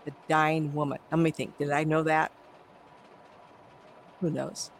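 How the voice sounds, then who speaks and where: Middle-aged woman medium chatting in an interview, gravelly voice, acts out the voices in her stories. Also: deep voice, flat delivery, a little slow, a little hiss or hum, poor audio. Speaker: psychic medium and guest. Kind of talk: conversational interview storytelling.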